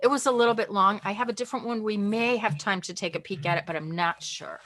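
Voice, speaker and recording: A woman teaching a college communication class online from home, chatty and lively, acting out different tones of voice. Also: medium pitch, fast.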